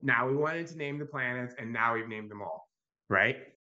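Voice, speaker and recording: A man speaking as a podcast guest in an animated, conversational way. He tells stories and often checks in with a quick "right?". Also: mid-range voice, muffled recording. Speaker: podcast guest, youth mental health advocate. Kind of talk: conversational storytelling.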